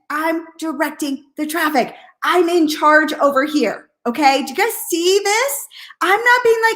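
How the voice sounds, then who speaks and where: High-voiced, blunt woman coaching sales. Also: unhurried. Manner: energetic, blunt, repeats catchphrases, asks "okay?"; acts out hesitant and excited voices. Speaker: network marketing coach. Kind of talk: live training stream.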